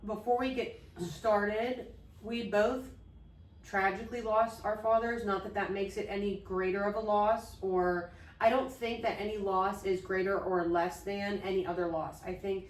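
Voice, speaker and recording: A woman's voice: medium pitch, fairly even intonation, a little slow, reverberant, recorded from a distance, poor audio. A woman co-hosting a podcast, talking earnestly and openly about her late father and grief. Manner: earnest, open, loses her train of thought. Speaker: podcast co-host. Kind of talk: heartfelt conversation about grief.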